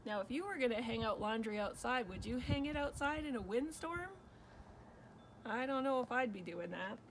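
A woman reading a picture book aloud for children, pausing to ask her listeners questions. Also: on the high side, lively intonation, a little hiss or hum, low-quality recording.

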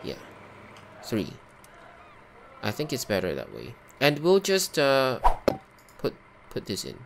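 A man's voice: mid-range voice, huge pitch swings, takes it slowly, vocal fry, noisy background. A man hosting a gameplay video, talking himself through each cooking step and breaking into exasperated outbursts at glitches. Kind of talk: live gameplay commentary.

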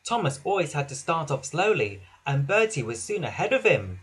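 A man narrates a children's storybook in a high, bright voice. His delivery swoops with sing-song expression, and the tone has a slight husky grain. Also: very animated, normal speed.

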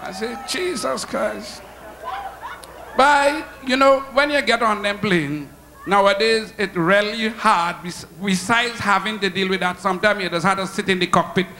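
A man with a Trinidadian accent telling stand-up jokes on stage, animated and laughing at his own punchlines. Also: high-pitched, moderate pace, some chatter behind, a little hiss or hum. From Trinidad and Tobago. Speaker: stand-up comedian. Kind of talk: stand-up comedy storytelling. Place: comedy show stage.

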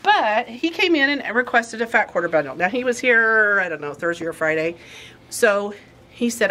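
A woman's voice: medium pitch, expressive, normal speed, sharp tone. A middle-aged woman hosting a casual show-and-tell in a craft shop, bubbly and rambling, often sidetracked. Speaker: quilt shop host.

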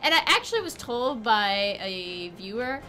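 A woman host giving casual, excitable let's play commentary, chatty and swearing freely. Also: a little high, unhurried, soft background music. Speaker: gaming video host.

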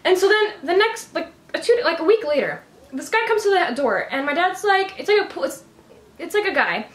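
High, bubbly teen girl telling a story. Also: big pitch swings, echoey room. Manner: fast, giggly, lots of 'like'. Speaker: vlogger. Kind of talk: excited storytelling. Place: home room.

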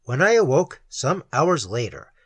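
A man narrating a classic novel as an audiobook, in a measured and expressive literary reading. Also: medium pitch, slightly rough, no room sound.

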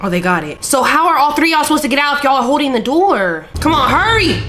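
A woman's voice: sits high, fast, over music. A young woman reacting to a film, talking to the characters and shrieking. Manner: animated, talks to screen, shrieks. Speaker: YouTuber.

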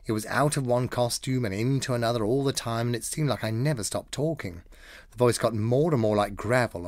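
A man's voice: lowish voice, no room sound. A man reading diary entries aloud in an arch, mannered, theatrical way. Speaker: diary reader.

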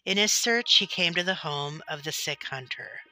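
A woman narrating a children's story in a gentle, deliberate way. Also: sits low, animated. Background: soft background music.

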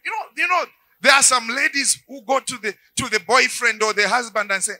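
High-voiced animated preacher. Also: male voice, a little fast, no echo, poor audio. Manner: animated, acts out dialogues, shouts at peaks. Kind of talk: sermon.

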